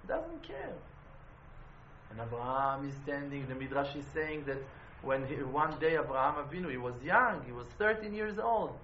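A man giving a sermon as a rabbi, telling stories with passion. He swings between hushed and loud and uses non-native phrasing and rhetorical questions. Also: mid-range voice, sing-song, moderate pace, a little hiss or hum. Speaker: rabbi teaching a Torah class. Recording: roomy, dull-sounding room recording.

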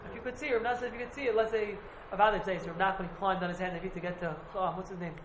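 Explaining Talmud to a few students in a casual class, a man rambles, repeats and hedges constantly. He speaks rapid-fire in a high, somewhat bright voice with fairly even intonation. There is an echo in the room and slight background noise.

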